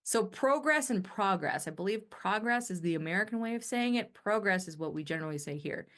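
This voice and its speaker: A woman's voice: lowish voice, fast talker, fairly bright tone. A woman from northern Alberta with a Canadian accent, hosting her own podcast in a rambling, self-correcting solo chat. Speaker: podcast host. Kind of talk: casual solo monologue.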